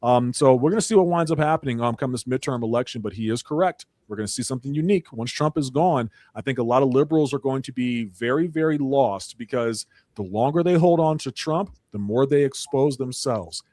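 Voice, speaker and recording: A man talks fast and emphatically in an opinionated panel chat, recorded close on a dry mic. His pitch sits mid-range, and he lifts into mocking voices when he quotes others. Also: dark tone, no room sound. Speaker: panelist on a ministry talk show.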